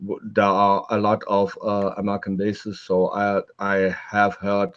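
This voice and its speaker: A man's voice: fairly low pitch, completely flat delivery, measured pace, a bit bright, highs cut off. A man chatting on a video call, hesitant and stammering as he starts sentences. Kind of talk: casual chat on a video call.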